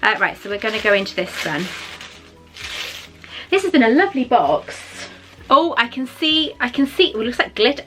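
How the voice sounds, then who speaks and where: Chatty woman, bright voice. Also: mid-range voice, expressive, moderate pace, faint music behind. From Wales. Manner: chatty and emotional, drifting into asides. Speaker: vlogger. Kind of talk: casual unboxing chat.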